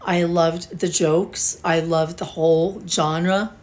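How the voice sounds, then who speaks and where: An older woman talks to her camera in an unhurried, meandering way, often pausing to sigh or restart a thought. Her voice sits a little low, and she lingers over her words with open emotion. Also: little pitch movement, darkish tone. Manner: emotional, rambling, with sighs and restarts. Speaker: beauty vlogger. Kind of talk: casual talk to camera.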